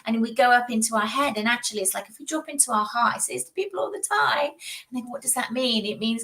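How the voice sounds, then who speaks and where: A woman's voice: a little high, fairly quick, distant mic. Chatty woman on a live stream. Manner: chatty, rambling, animated, with frequent laughs and rants. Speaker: psychic doing live readings. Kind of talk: casual live-stream reading and chat. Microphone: video call.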